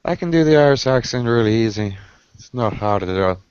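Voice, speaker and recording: A man chatting casually in a measured, thoughtful way during a video call, pausing on fillers. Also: medium pitch, animated, darkish tone, clear, resonant tone, no echo. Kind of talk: casual chat. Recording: dull lo-fi video call audio with faint noise.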